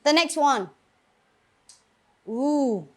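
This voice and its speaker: A woman's voice: high-pitched, expressive, extremely slow, darkish tone. A woman with a Vietnamese accent teaching an English grammar lesson in a classroom, calling on students and praising answers.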